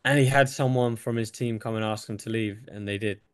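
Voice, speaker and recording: A man's voice: on the low side, a little fast, no echo. A young English man, a fighter, chatting casually in an interview, swearing freely and laughing as he talks. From England. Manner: relaxed, swears freely, laughs between thoughts. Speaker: UFC fighter guest.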